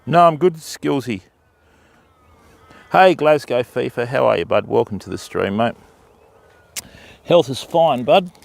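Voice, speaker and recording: A man's voice: mid-range voice, animated, unhurried, creaky, long pauses. An Australian man chatting casually to viewers on a phone livestream from a riverbank, greeting them by name in a matey way. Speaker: fishing livestreamer. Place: riverbank outdoors.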